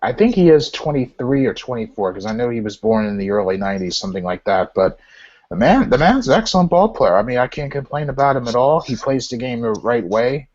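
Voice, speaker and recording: A man's voice: medium pitch, expressive, fairly quick, a little mellow. A man chatting as a guest on a casual live video call, easygoing and repeating himself. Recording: muffled lo-fi webcam audio.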